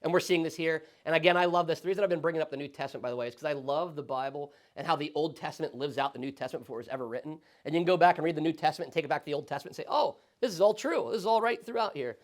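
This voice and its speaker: A male pastor teaching a Sunday school Bible study in a conversational, animated way, often checking in with the class. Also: on the high side, very fast, hardly any pauses. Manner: conversational, animated, frequent tag questions.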